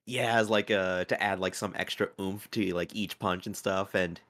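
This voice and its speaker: A man hosting a relaxed anime discussion podcast. He talks loosely and leans on fillers, then breaks into loud laughs when something amuses him. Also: sits low, normal speed. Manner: laid-back, filler-heavy, bursts into loud laughter. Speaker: podcast host.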